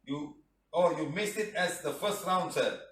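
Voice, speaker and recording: A middle-aged healing teacher with a fairly high, slightly bright voice leads a live class at a somewhat slow pace, joking and teasing. He reads viewer comments and ends phrases with "huh?" and "lah", recorded with roomy echo from a distant mic.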